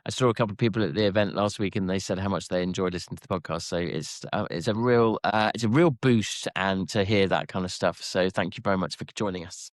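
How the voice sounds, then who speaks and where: A man's voice: sits low, fast, hardly any pauses, dry recording, clean studio sound. A man co-hosting a podcast in casual chat, chatty and hesitant with frequent restarts. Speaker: podcast co-host.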